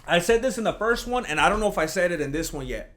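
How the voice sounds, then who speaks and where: Podcast host, male, slightly higher voice; casual, rambling, animated solo chat. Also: fast. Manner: rambling, animated, mocks imagined critics in a higher voice.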